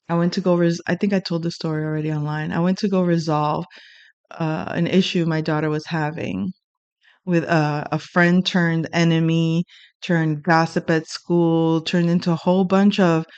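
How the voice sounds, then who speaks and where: A woman's voice: low voice, clear, resonant tone, no echo, muffled recording. A middle-aged woman telling a personal story in a casual monologue, blunt and profane, acting out the exchanges as she goes. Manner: blunt, profane, animated retelling.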